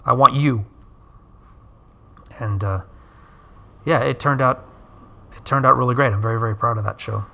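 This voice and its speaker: Middle-aged man, interview guest, very bright tone, animated storyteller who pops into character voices. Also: a little fast, vocal fry, long pauses. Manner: acts out characters' lines with big pitch jumps.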